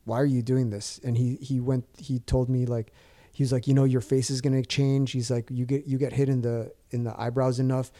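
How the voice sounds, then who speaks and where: Mellow-voiced man telling a story. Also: mid-range voice, little pitch movement, a little fast, hardly any pauses. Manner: rambling with many fillers and restarts. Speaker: guest. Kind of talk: casual storytelling.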